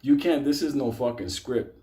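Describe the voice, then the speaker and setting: A man spins a rambling comic tale for a live audience. He swears constantly and laughs between lines. His voice has a dark, mellow tone at an ordinary middle pitch for a man. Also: normal speed. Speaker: storyteller. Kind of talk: live comedic storytelling to an audience.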